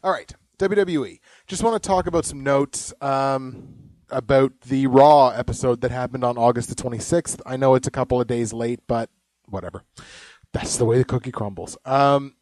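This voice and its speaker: A man's voice: mid-range voice, moderate pace, darkish tone, no echo. A man co-hosting a podcast in casual chat, rambling, swearing and joking. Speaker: podcast co-host. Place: home basement.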